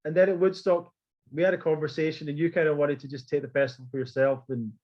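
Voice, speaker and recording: A man's voice: on the high side, fast talker, lo-fi sound. A man telling a story in casual chat, acting out quotes and swearing freely. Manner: animated, swearing, acts out quotes. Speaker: podcast guest.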